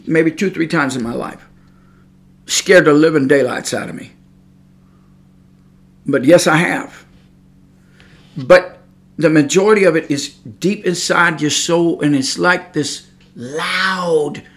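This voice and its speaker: High bright fervent male preacher. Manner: fervent, swings from quiet asides to loud shouted climaxes. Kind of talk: sermon.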